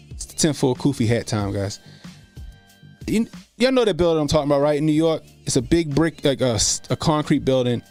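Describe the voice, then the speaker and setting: A man's voice: on the high side, a little mellow. A man hosting a casual live stream, telling loose, profane, laughing stories and answering chat comments, speaking. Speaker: streamer host.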